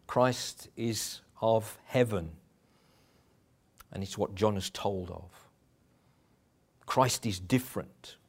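A man's voice: lowish voice, slow, gravelly, long pauses, husky. A middle-aged man preaching a sermon in a conversational way, with chuckles and restarts.

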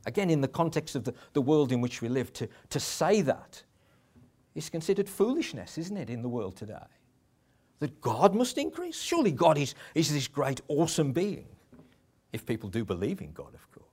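A man's voice: mid-range voice, sing-song, fairly quick, a little mellow. A middle-aged man preaching a sermon in a conversational way, with chuckles and restarts.

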